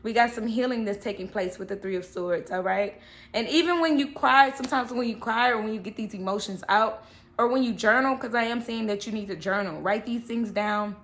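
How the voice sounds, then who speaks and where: A woman's voice: on the high side, fairly quick, fairly bright tone. A woman giving a casual, chatty tarot reading, often checking in with "okay" and "all right". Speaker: tarot reader.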